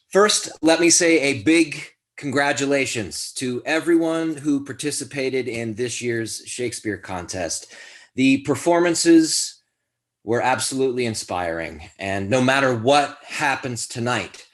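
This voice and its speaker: A man's voice: mid-range voice, a bit bright. A man speaking as a contest judge, giving encouraging remarks with emphatic repetition.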